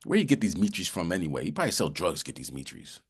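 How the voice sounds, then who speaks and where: A man voicing an envious man who grumbles in a low, quiet mutter about a friend behind his back. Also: big pitch swings, very fast, husky, heavily acted. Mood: resentful.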